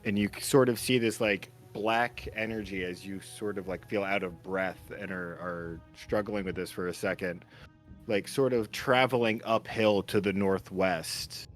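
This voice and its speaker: A man narrating a tabletop game as game master, relaxed and full of fillers. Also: lowish voice, unhurried, faint music behind.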